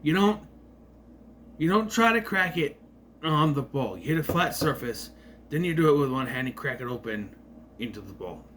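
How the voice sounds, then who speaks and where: A man's voice: fairly high pitch, lively intonation, moderate pace, pauses often, fairly bright tone, a little hiss or hum. A man giving a casual, rambling movie review with sarcastic asides.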